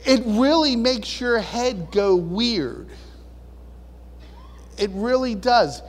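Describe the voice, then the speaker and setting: A man preaching a sermon in a folksy, animated way, now and then acting out voices and shouting. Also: very high voice, drawn-out words. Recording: long reverb of a large hall.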